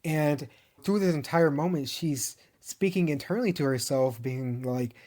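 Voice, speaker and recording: A man recapping an anime season in a casual, animated storytelling manner, chuckling often. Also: fairly high pitch, measured pace.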